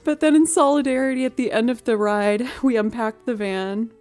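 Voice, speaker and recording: Woman musician on a home stream; casual, animated storyteller who laughs easily, goes soft and cooing with her pet. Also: fairly high pitch, normal speed, soft background music. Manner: animated, laughing often while telling stories. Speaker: musician livestreamer.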